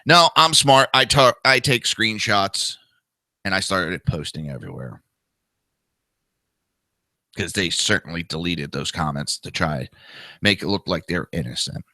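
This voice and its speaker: A man's voice: deep voice, sing-song, a little slow, long pauses, sharp tone, no room sound. A man with a New Jersey accent, hosting a political talk show and ranting in a blunt, crude, combative monologue. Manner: blunt, crude and combative, mocking with whiny impressions. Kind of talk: opinionated monologue.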